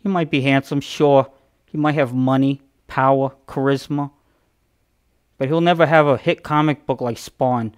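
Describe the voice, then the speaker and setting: A man's voice: medium pitch, steady tone, normal speed, smooth, lightly acted. A man voicing an awkward, lisping male comic creator who hosts dramatic intros with urgent rhetorical questions. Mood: melodramatic. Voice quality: lisp. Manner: melodramatic announcer cadence with urgent rhetorical questions. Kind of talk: mock TV-intro impression.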